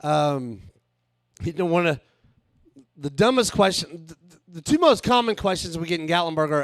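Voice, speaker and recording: A man's voice: on the high side, animated, moderate pace, no echo, studio quality. A man doing a rambling, crude stand-up set on a live stage, laughing at his own jokes. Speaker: stand-up comedian and author.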